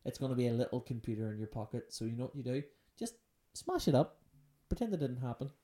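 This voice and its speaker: A woman with an extremely low voice and a dark, mellow tone, hosting a loose podcast chat. She jokes around, spins playful what-if stories and answers listener questions with a teasing edge. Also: animated, very fast. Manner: playful, joking, storytelling. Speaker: podcast host. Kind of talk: casual unscripted chat.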